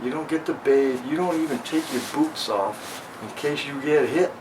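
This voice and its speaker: A man's voice: a little high, moderate pace. A man in his sixties from Los Angeles, telling his story frankly in an oral history interview at his home. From Los Angeles, USA. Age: 60s. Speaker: veteran interviewee. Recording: distant mic with air conditioner hum. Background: air conditioning hum.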